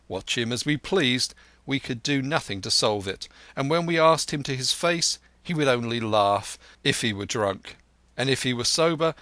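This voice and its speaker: A man narrating a classic adventure audiobook in measured storytelling, putting on a voice for each character. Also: medium pitch, bright, forceful tone, no room sound.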